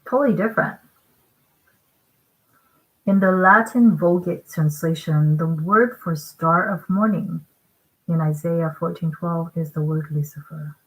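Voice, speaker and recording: A woman preaches through scripture in an unhurried, measured way, pressing each point home. Her voice sits on the low side. She keeps turning to her listeners with rhetorical questions as she works through the text. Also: poor audio. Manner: emphatic, deliberate, with rhetorical check-ins. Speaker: online preacher. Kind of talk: sermon-style scripture commentary.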